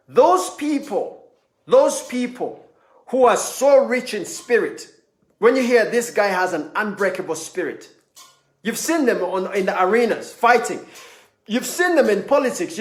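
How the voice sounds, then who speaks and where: A man giving a motivational sermon, telling a story with rising intensity and shouting at the peaks. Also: sits high, reverberant. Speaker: speaker.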